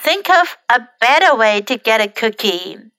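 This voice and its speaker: A woman voicing a patient mother who gently but firmly teaches her son manners. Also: a little high, big pitch swings, unhurried, smooth, no room sound, full character voice. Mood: gentle.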